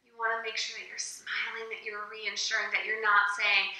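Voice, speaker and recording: Bright-voiced woman teacher in an echoey room. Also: medium pitch, brisk, recorded from a distance. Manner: calm, encouraging, explaining step by step. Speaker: online ESL teacher. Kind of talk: instructional teaching-tips video. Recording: echoey room, voice away from the mic.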